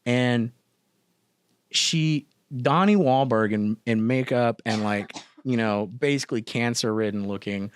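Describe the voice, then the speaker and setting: A man's voice: medium pitch, a little slow, clear, resonant tone, no room sound. A young man co-hosting a horror podcast, chatting casually, rambling emotionally and swearing. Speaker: podcast co-host. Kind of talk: casual chat.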